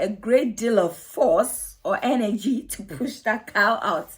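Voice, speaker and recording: Woman host, early years educator, slow and animated, explains and asks tag questions. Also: fairly high pitch. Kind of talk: teaching storytime technique.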